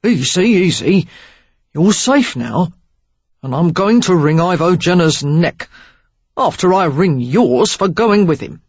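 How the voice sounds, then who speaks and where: A narrator voicing a rakish gentleman who gruffly and clumsily tries to soothe a crying woman. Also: mid-range voice, animated, unhurried, no room sound, lo-fi sound. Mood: gruff, soothing. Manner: gruff, clipped reassurances.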